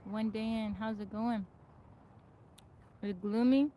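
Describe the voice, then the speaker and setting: A woman's voice: a little high, steady tone, unhurried, background noise. A woman hosting a casual live stream, chatting and greeting viewers by name from her home in the woods. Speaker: livestream host.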